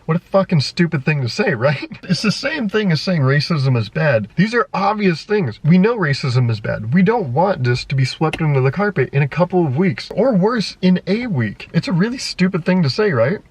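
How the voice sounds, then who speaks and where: A man's voice: on the high side, sing-song, moderate pace, few pauses, breathy edge, rough recording. A young man vlogging in a rambling, exasperated way, laughing often and swearing freely. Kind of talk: casual unscripted monologue to camera.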